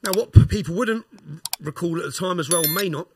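Animated middle-aged man telling stories. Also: high voice, a little fast, noisy background. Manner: animated retelling, acts out quoted exchanges, tags lines with "yeah?". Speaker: podcast guest. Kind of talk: casual storytelling interview.

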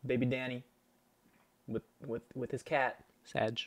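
A man in his twenties reads fan messages aloud in a casual vlog, sarcastic and animated, jumping from muttered asides to sudden yelps. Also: mid-range voice, measured pace, no echo. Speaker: content creator.

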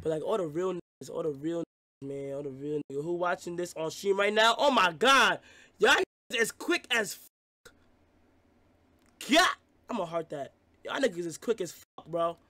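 A young man streaming live, reacting with loud, excitable, profane banter aimed at his chat. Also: high voice, moderate pace.

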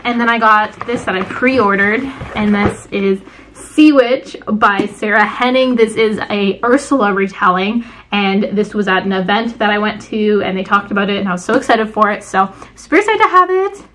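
A young woman chatting casually in a book vlog, excitable and full of fillers. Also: medium pitch. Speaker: book vlogger.

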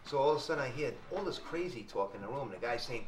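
A man's voice: mid-range voice, animated, fast. Guy rambling a story at a race event, keeps saying right?, echoey and noisy, mic kinda far. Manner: loose, rambling, checks in with "right?". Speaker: drag racer telling stories. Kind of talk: casual storytelling. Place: at a racing event. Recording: echoey, distant mic, background noise.

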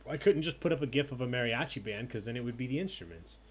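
A man hosting an online trivia night, announcing questions and scores in a loud, playful way. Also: mid-range voice, expressive, fast, slightly rough. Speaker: trivia host.

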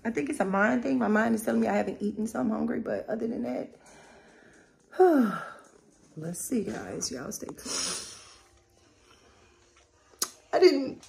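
A woman's voice: a little high, animated, normal speed, creaky, darkish tone, a little hiss or hum, low-quality recording. A woman vlogging in a candid, heartfelt way from home. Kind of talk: casual vlog chat. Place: indoors at home.

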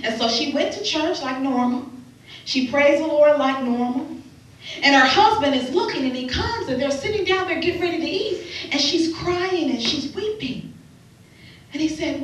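A woman's voice: sits high, normal speed. Impassioned woman preaching in an echoey hall. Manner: impassioned preaching, rising and dropping to a hush. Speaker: pastor. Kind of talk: sermon. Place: large church sanctuary. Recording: echoey hall, far from the mic.

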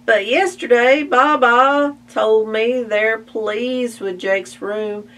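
A woman voicing an excitable farm mother in a picture-book reading, shrill and exclaiming. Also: slow, recorded from a distance. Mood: excited.

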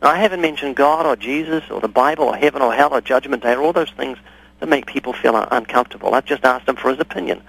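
A man's voice: mid-range voice, fast talker, vocal fry, fairly bright tone, slightly rough, no echo, poor audio. A man speaking as a guest on a radio interview, explaining his views by telling stories and acting out both sides of conversations. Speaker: guest evangelist. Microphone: studio or phone radio interview.

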